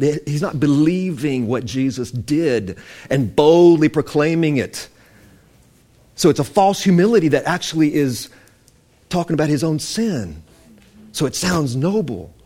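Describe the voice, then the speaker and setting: A man preaching, emphatic and animated, quoting scripture as he teaches. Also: medium pitch. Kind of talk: sermon-style teaching.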